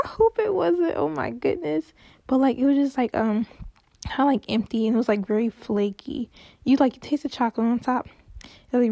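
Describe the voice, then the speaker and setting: Young woman, casual storytelling, lots of "like" fillers, mellow gravelly voice, dry close sound. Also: a little high, no echo. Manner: chatty, many "like" fillers, dramatic exclamations. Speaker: podcast host.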